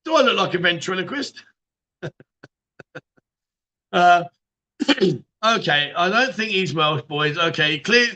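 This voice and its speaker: A man's voice: sits high, lively intonation, takes it slowly, long pauses, sharp tone. A man hosting a casual livestream chat show, reading viewer comments and joking around with frequent laughs and swearing.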